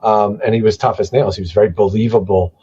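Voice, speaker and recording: A man's voice: lowish voice, fairly even intonation, fast talker, warm tone, slightly rough, highs cut off. A man talking casually on a podcast, rambling and swearing as he tells wrestling stories. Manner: rambling, profane, trailing into mumbles.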